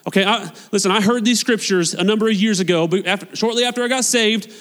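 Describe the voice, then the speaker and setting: A man preaching a sermon as a pastor, passionate and swinging between loud appeals and hushed, quiet lines. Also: high-pitched, fast talker. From United States. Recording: long hall reverb.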